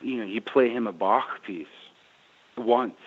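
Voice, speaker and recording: A man from Canada, a guest musician, telling stories in a rambling, animated way during a casual interview. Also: mid-range voice, unhurried. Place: his kitchen. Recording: tinny phone line.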